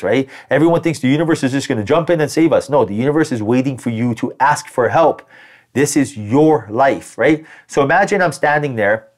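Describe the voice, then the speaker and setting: A man giving a tarot reading as spiritual guidance, talking animatedly and acting out quoted voices. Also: medium pitch. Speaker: tarot reader.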